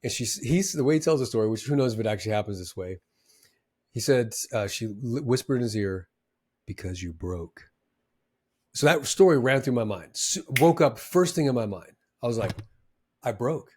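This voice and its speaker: Animated man telling trading stories. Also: mid-range voice, a little fast. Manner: animated, emphatic storyteller with many fillers. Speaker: former trader giving advice. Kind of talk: casual motivational talk.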